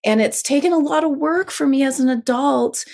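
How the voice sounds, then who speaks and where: A woman's voice: high-pitched, moderate pace, vocal fry, darkish tone. A woman in her forties hosting a podcast, telling a personal story in a reflective way. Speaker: podcast host. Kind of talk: podcast conversation.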